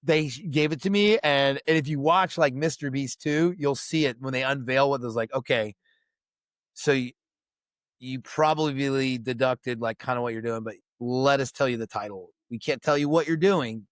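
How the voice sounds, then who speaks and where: Speaking at medium pitch and moderate pace with no echo, a middle-aged veteran tells a story as a podcast guest in casual chat. He swears freely and acts out the voices of people he quotes.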